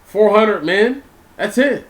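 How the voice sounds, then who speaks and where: Animated man reading and explaining scripture. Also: high voice, takes it slowly. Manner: animated, repeats words, asks listeners questions. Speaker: Bible teacher. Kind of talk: informal Bible reading and commentary.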